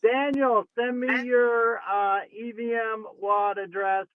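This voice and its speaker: A man's voice: high-pitched, fairly even intonation, slow, no echo, narrow, tinny audio. A man co-hosting a casual livestream, chiming in with brief, practical remarks.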